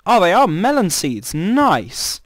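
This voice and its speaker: A man's voice: high-pitched, huge pitch swings, takes it slowly, no room sound, clean studio sound. Chatty man rambling over gameplay. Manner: chatty, rambling, jumpy exclamations. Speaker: gamer. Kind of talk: casual gameplay commentary.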